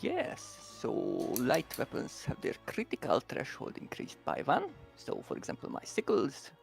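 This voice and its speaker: A man playing in a tabletop game, calmly reading out his character's abilities. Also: medium pitch, a little slow, gravelly, faint music behind. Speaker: player.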